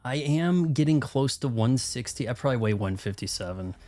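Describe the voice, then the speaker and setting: A man's voice: medium pitch, animated, a little fast, a little mellow. A young man streaming a video game live, chatting casually with viewers in a rambling, self-mocking way. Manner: rambling, self-deprecating, talks to chat.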